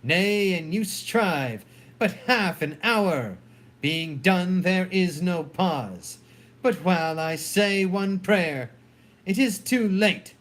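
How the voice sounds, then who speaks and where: A man reading the part of a proud, jealous general in a dramatic play reading, delivering the verse solemnly and deliberately. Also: high voice, expressive, fairly bright tone, exaggerated voice. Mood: grim. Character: jealous anguished male general, proud and wrathful.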